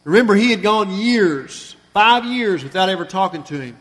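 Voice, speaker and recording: A man preaching a sermon, retelling a scripture story with earnest feeling and slowing down and softening on the sad passages. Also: high-pitched, lively intonation. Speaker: pastor. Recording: long reverb of a large hall.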